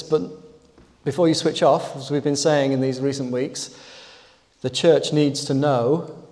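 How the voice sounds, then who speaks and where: Preacher with a mellow voice in a reverberant church. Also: male voice, medium pitch. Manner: conversational, emphatic on key words. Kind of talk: sermon.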